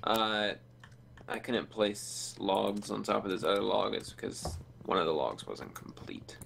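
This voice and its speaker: Gamer guy, low gravelly voice, laid-back banter, keyboard clicks behind. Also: a little slow, fairly bright tone, slight background noise. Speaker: teammate in a multiplayer game. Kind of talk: casual gaming chat.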